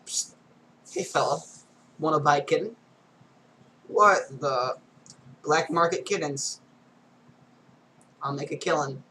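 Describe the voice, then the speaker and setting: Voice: mid-range voice, steady tone, a little slow, pauses often, a bit bright, a little hiss or hum, rough recording. A reader going through comic strips aloud, reading every panel and sound effect, with casual asides.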